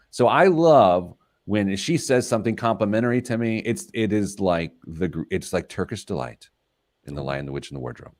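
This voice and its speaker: A man hosting a radio talk show, telling stories about himself in a casual, self-mocking way. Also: fairly low pitch. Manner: self-deprecating storyteller, laughs at himself. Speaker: radio show host, financial planner.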